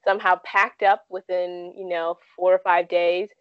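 A woman's voice: fairly low pitch, little pitch movement, moderate pace, clear, resonant tone, no echo, highs cut off. A woman in her twenties telling stories casually in an interview, with lots of "like" and "um" fillers. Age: 20s. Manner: chatty, frequent "like" and "um" fillers. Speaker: guest.

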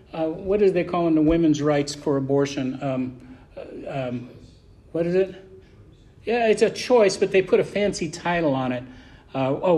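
A man preaching a sermon as pastor, reading scripture and speaking with passion, sometimes loud and sometimes slow and low. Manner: impassioned, shifting between loud emphasis and slow, low, deliberate delivery.

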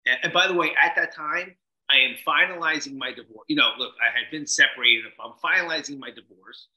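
A man guesting on a podcast, telling a story in an animated way, acting out quotes and swearing casually. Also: fairly high pitch, a little fast, roomy sound, low-quality recording.

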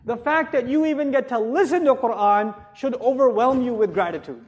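A man teaching a religious lecture to a live audience, chatty and joking, asking rhetorical questions and turning forceful when urging respect. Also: very high-pitched, brisk. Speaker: Islamic teacher.

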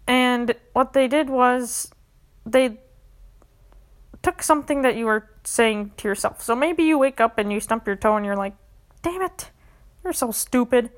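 A young woman hosting a podcast, earnestly guiding listeners through a self-help exercise and getting emotional at times. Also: fairly high pitch. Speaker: podcast host.

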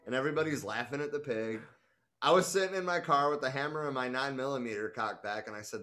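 A man's voice: medium pitch, fast, fairly bright tone, soft background music. Male reader, casual and profane, reads a memoir aloud with amused asides.

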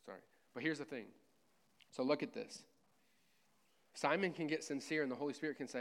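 A man's voice: a little high, a little fast, pauses often. A man preaching a conversational sermon, with joking asides and a self-deprecating tone. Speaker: pastor.

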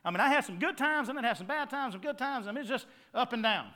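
A middle-aged man from North Carolina with a Southern accent delivers a sermon in a folksy storytelling manner. His voice sits high and sounds bright and forceful. He keeps checking in with the congregation as he goes. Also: lively intonation, fast. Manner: folksy storytelling with call-and-response asides. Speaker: preacher.

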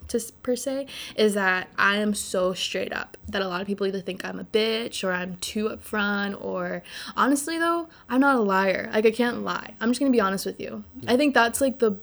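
A woman's voice: mid-range voice, moderate pace, gravelly, a bit bright. Chatty, blunt woman from New Jersey. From Northern New Jersey. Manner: chatty and blunt, many filler words, swears freely. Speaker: podcast guest. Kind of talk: casual chat.

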